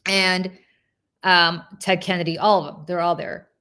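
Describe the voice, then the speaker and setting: Lowish-voiced woman telling a story. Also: unhurried, clear, resonant tone. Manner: animated storyteller, frequent restarts and asides, swears; slips into mocking quoted voices of politicians. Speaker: political commentator and show host. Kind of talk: casual storytelling on a livestream talk show.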